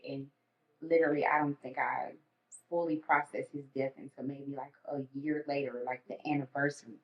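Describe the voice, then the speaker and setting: A woman telling personal stories in casual conversation, acting out her own inner thoughts. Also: low-pitched. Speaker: podcast guest. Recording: echoey dull room sound.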